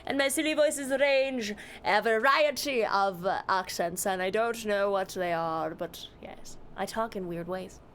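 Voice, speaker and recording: A woman's voice: mid-range voice, unhurried, fairly bright tone, a little hiss or hum. A young woman streamer chatting casually, greeting and answering her chat with a giggly, easygoing manner.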